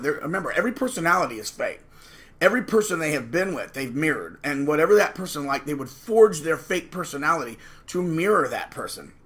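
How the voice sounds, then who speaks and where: A man's voice: on the high side, fairly bright tone. A man hosting his own channel, talking straight to the camera in an emphatic, sarcastic rant and acting out the voices he quotes. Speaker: channel host. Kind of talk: ranting monologue to camera.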